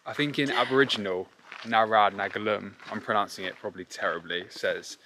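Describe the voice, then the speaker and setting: Upbeat low-voiced man on a hike. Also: fairly even intonation, fairly quick. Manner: chatty, upbeat, tripping over place names. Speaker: travel vlogger co-host. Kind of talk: casual hiking vlog chat. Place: outdoors on a forest hiking trail. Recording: noisy outdoor recording.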